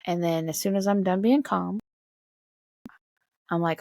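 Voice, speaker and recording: A young woman and mother talking bluntly to camera in a casual vlog, swearing often and getting animated. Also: on the low side, moderate pace, long pauses, no room sound, clean studio sound. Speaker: mother of a toddler.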